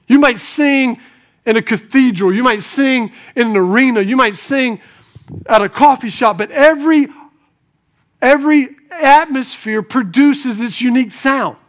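A man giving an animated sermon, moving between soft asides and raised emphasis and asking the congregation rhetorical questions. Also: very high-pitched, measured pace. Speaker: pastor.

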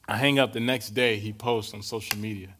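A young adult man preaching a relaxed, conversational sermon, telling stories and often checking in with his listeners. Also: fairly low pitch, slight background noise. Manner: casual, storytelling, keeps checking in with "right?".

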